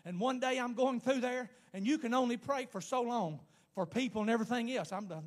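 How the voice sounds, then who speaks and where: A man preaching a sermon, emphatic and repetitive, rising to shouts at times. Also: high-pitched. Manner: pauses to speak in tongues.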